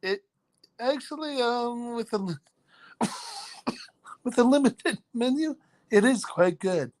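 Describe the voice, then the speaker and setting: Slow-talking man chatting on a live stream. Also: very high voice, expressive, a little mellow. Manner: chatty, reads out viewer names, jokes about himself; laughs often between lines. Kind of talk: casual live chat with viewers.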